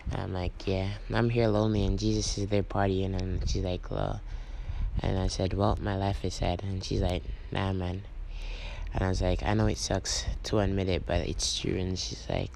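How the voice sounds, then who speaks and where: A young man tells a story in a low, gravelly voice that stays flat. He rambles through a retold text chat with endless "I'm like". Faint noise hums behind him. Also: rough recording. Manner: low-key, rambling retelling with many "I'm like". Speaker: vlogger. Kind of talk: casual storytelling, reading out texts.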